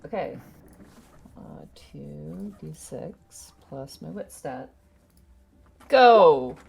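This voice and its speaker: A woman's voice: deep voice, animated, very slow, gravelly, darkish tone, slight background noise. A woman playing a tabletop game, chatty and eager. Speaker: player.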